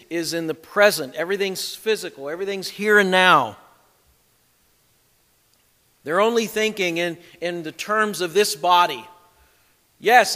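A man's voice: high voice, sharp tone, long reverb tail. A man preaching an expository sermon, emphatic as he reads scripture aloud and explains it.

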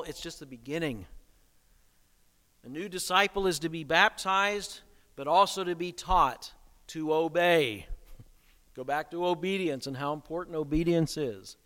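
Male preacher, slightly high voice, emphatic sermon delivery, long hall reverb. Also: fairly bright tone, clean tone. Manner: emphatic, rhetorical questions.

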